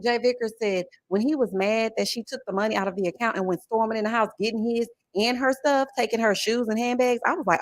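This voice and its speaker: A woman in her forties chatting on a livestream, telling an animated, expressive story and thanking viewers. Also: fairly high pitch, fast, few pauses, dry recording. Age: 40s. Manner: animated, expressive storytelling with chat shout-outs. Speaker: livestream host. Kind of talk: casual livestream chat and story time.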